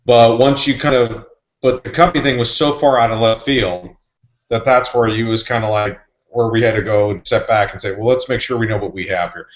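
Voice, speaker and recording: A man's voice: medium pitch, steady tone, fairly quick, reverberant, highs cut off. A man who reports on sports recruiting, talking in a loose, rambling, conversational way. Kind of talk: casual podcast chat.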